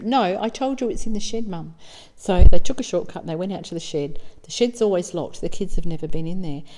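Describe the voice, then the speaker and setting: A woman's voice: on the low side, warm tone. Earnest Australian woman, reverberant sound. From South Australia. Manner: earnest, emotional, acts out dialogue. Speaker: psychic medium. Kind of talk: casual storytelling talk.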